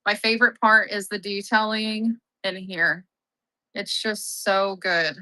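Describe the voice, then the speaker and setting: A woman's voice: mid-range voice, steady tone, slow pace, bright, forceful tone, no room sound, rough recording. A young woman hosting a live-selling stream, chatting casually, upbeat and often laughing at herself. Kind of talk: casual live-sale chat.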